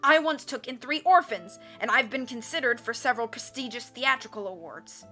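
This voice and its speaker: A woman voicing a dying villainous man with a wheezy, rough, hoarse voice, bitter and theatrical, over faint music. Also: a little high, lively intonation, normal speed, sharp tone. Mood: snarling, bitter.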